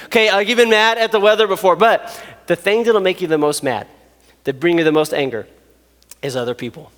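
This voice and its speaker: High-voiced joking male pastor in a hall. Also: a bit bright. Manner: chatty, joking, full of fillers and asides. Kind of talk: casual youth sermon.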